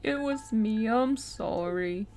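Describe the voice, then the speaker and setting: A woman voicing a scruffy old man who lives rough in a video game, gruff and then gently pleading. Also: a little high, lively intonation, takes it slowly, a little hiss or hum. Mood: earnest. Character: scruffy old male wild-living camper.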